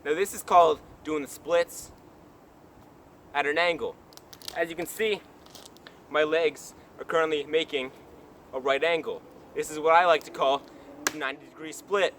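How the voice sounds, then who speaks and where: A young man from the US rambles through a comic story in a goofy, mock-serious way, his voice sitting a little high. He records himself outdoors on a handheld camera, with faint outdoor noise around him. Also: steady tone, moderate pace, long pauses, a bit bright. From United States. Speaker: vlogger. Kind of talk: comedic storytelling vlog. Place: outdoors on a trail in woods.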